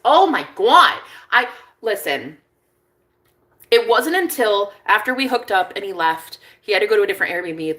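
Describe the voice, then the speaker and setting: With a mid-range voice, a young vlogger chats casually through a story, excitable and talkative, cursing without restraint and breaking into laughs along the way.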